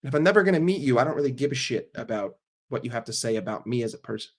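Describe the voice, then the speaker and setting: A man with a voice of middle pitch hosts a live stream and answers his chat in a loose, casual way. He talks bluntly, swears a lot and makes quick jokes. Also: lively intonation. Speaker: livestream host.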